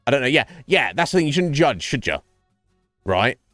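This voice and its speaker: A man's voice: medium pitch, sing-song, moderate pace, fairly bright tone, dry recording, studio quality, soft background music. A man streaming and chatting casually with his viewers, rambling and swearing freely. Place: home streaming setup.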